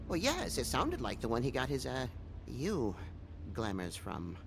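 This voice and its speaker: A fretful winged monkey librarian stammers out apologies and half-finished answers. His pitch leaps wildly up and down from line to line. Game music plays behind him. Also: wildly swooping pitch, measured pace, vocal fry, full character voice. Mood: sheepish. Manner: timid, hesitant, apologetic.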